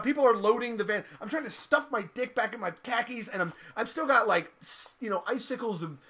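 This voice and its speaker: A middle-aged man telling a raunchy story in an animated, profane way, laughing often. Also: high voice.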